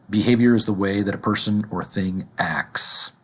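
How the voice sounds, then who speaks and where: A man teaching a vocabulary lesson, deliberately repeating each word and its examples. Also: on the low side, husky.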